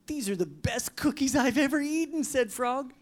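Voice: high-pitched, expressive, moderate pace, voice pushed up. A preacher reading a storybook aloud, voicing a sensible, patient male frog who talks in an earnest, reasoning way.

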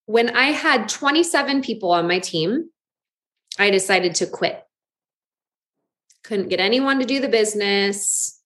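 A woman in her thirties telling a candid personal testimony about her business, lively and animated, acting out what she once said. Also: mid-range voice, a little slow, long pauses. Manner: candid, animated, acts out her own past lines. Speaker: network marketing distributor.

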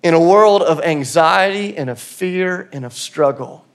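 Here a male pastor preaches in a church auditorium with a fairly high voice at a slightly slow pace. His sermon feels conversational and sincere, with occasional moments of self-directed laughter.

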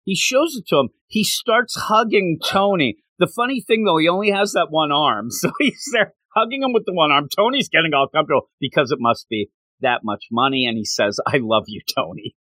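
A man's voice: on the high side, a little fast, no echo. A man casually chatting on a podcast, recapping a comic book with lots of laughter and acted-out character lines. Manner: animated storytelling, acts out characters' lines, laughs often.

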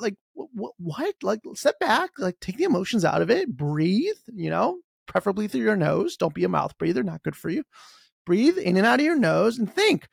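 A man's voice: sits high, very animated, moderate pace, vocal fry, husky, no echo, studio quality. A man hosting a podcast, talking casually and sarcastically. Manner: sarcastic, mocks others in put-on voices. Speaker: podcast host.

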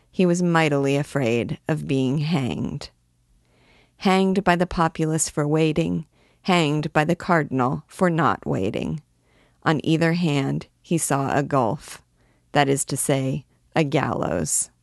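A woman with a low, dusky voice reads a classic novel aloud in a measured, unhurried way. She gives each character only a light touch of voice. The sound is dry and close, with no room around it. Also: gravelly, a little mellow, no room sound. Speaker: audiobook narrator. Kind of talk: scripted narration of a classic novel.

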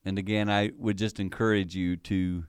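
Middle-aged guy preaching, earnest, keeps repeating stuff for emphasis, soft music way in the back. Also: low voice, flat delivery, moderate pace, smooth. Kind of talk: sermon with personal story and closing prayer.

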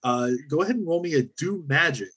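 A man running a tabletop role-playing game as game master, relaxed and joking as he rules on dice rolls. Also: fairly high pitch, a little fast, husky.

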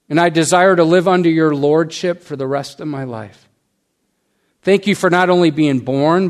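Slow, deliberate man preaching a sermon. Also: medium pitch. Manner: slow and deliberate, rhyming recitation then earnest preaching and a quiet led prayer. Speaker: pastor.

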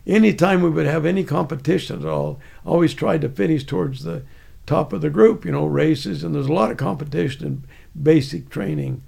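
Gravelly older man telling stories. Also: fairly high pitch, brisk, a little mellow. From United States. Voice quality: gravelly, raspy. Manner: rambling, many restarts. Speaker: guest, army veteran. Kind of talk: casual storytelling.

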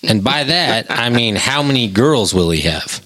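A man's voice: medium pitch, lively intonation, unhurried, bright, forceful tone, dry recording. A middle-aged man hosting a podcast in casual chat, reading listener questions and giving blunt, emphatic opinions.

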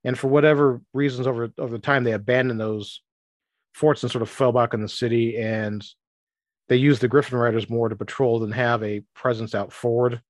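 Casting: male game master, mid pitch, loose rambling narration, dry close sound. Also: fairly even intonation, dry recording. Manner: rambling, restarts often, voices townsfolk in quick asides.

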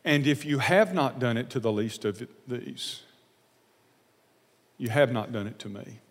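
A man preaching a sermon, telling a personal story in an earnest, confessional way, often halting and repeating words. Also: medium pitch, animated, big-room sound.

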